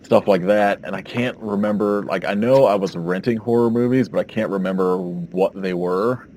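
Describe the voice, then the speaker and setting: A man's voice: lowish voice, normal speed, darkish tone, slight background noise. A man co-hosting a podcast in casual chat, rambling and hesitant as he recalls things. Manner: rambling, hesitant, full of "like" fillers. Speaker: podcast co-host.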